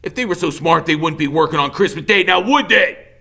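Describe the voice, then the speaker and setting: A man voicing a cold, volatile convict father who drawls low and then barks loud threats. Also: brisk, gravelly, heavily acted. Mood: menacing.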